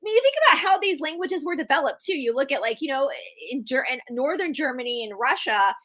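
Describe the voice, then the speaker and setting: Fairly quick and a bit bright, this woman's high voice carries lively intonation and a Southern US accent. She's a guest historian sharing opinions in a chatty, casual livestream conversation, opinionated and often restarting her sentences.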